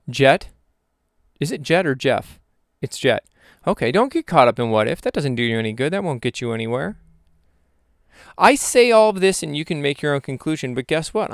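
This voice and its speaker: A man's voice: medium pitch, creaky, no echo, clean studio sound. A young man rambling through a reflective vlog monologue, questioning himself aloud with jokey asides. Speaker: vlogger.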